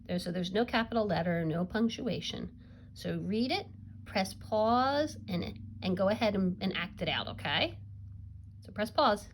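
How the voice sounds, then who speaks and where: A woman's voice: medium pitch, lively intonation, a little slow, slight background noise. A woman teaching a recorded reading lesson to young children, upbeat and encouraging with a sing-song teacher voice. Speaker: kindergarten teacher.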